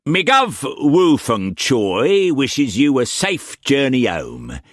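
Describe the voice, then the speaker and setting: A man reading an audiobook, voicing a brash, swaggering pirate captain in his thirties with a slow, drawling, sing-song manner. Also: mid-range voice, huge pitch swings, fairly bright tone, no echo, clean studio sound, pitched above the performer's own voice, heavily acted. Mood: sly.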